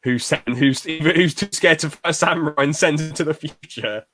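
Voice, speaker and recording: A man's voice: a little high, a bit bright. A man co-hosting a podcast, chatting casually and enthusiastically. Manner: chatty, enthusiastic, quick asides with brief put-on quotes. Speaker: podcast co-host. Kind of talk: casual chat.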